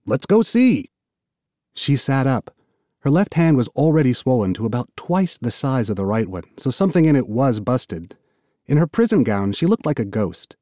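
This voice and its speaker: A man narrating an audiobook in an expressive, storytelling manner. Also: medium pitch, moderate pace, dry recording, studio quality. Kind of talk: scripted narration.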